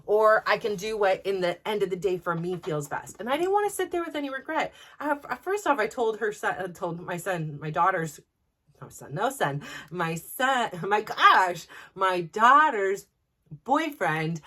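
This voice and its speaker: A woman in her forties hosting a podcast, telling a personal story in a casual, animated way, laughing often and restarting her sentences. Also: mid-range voice, unhurried. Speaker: podcast host.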